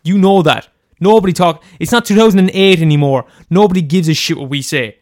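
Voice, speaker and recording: A young man with an Irish accent performs a radio host in a comedy sketch. He rants in a profane stream, full of restarts, with his voice pitched a bit high. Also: expressive, fast talker.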